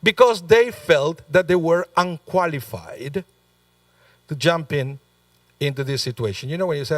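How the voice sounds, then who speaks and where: A male rabbi gives a sermon in a chatty, storytelling way, often turning to the listeners with asides. His voice sits a little high, and it is caught dry from a distant microphone. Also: moderate pace, a bit bright, no echo. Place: synagogue sanctuary.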